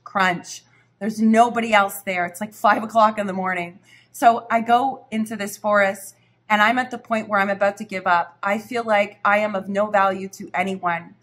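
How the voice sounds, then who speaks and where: A middle-aged woman, a spiritual reader, telling a personal story to her viewers in an earnest, reflective, unhurried way. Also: mid-range voice, fairly bright tone.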